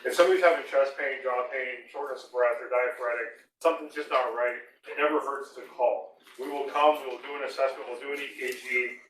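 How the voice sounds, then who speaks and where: A man's voice: mid-range voice, steady tone, a little fast, few pauses, fairly bright tone. A man who is an ambulance service deputy chief and paramedic, giving a plain, practical public health talk with frequent fillers. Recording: roomy, distant, with faint background noise.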